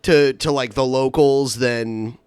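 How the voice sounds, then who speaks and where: A man co-hosting a podcast chats casually and laughs often, speaking slowly at medium pitch with fairly even intonation. His tone is a little mellow, clear and resonant. The recording is clean studio sound with no room noise.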